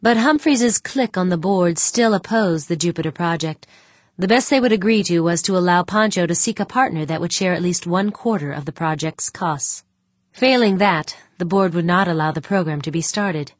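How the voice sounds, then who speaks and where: A woman narrating an audiobook in an even, measured way. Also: on the low side, dry recording. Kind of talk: scripted narration.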